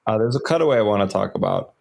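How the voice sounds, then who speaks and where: Gravelly-voiced man retelling a story. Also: on the low side, racing. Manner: animated storyteller, many fillers and "like"s. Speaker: podcast co-host. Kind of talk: casual lore chat.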